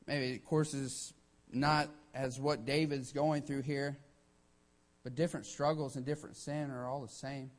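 A man's voice: mid-range voice, level tone, unhurried. A man preaching a sermon with emphatic delivery, often starting lines with "hey" and acting out quotes.

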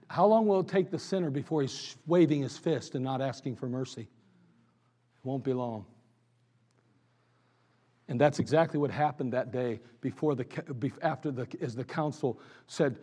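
A male pastor preaches in a fairly high voice, driving hard on some lines and dropping low and quiet on others. The sound rings with the long reverb of a church sanctuary. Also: moderate pace, breathy edge. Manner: emphatic preaching, swinging between loud declarations and hushed asides. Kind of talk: sermon.

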